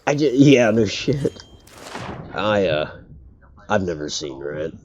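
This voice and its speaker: A man's voice: lowish voice, sing-song, takes it slowly, a little mellow, dull audio, a little hiss or hum. A man streaming a pirate game, chatting casually with a friend, joking, swearing freely and laughing often. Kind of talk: casual chat while gaming.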